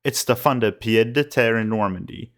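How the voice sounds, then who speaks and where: A man's voice: medium pitch, moderate pace, fairly bright tone. A man reading scripted voice-over commentary in a dry, sarcastic way. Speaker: commentary channel host.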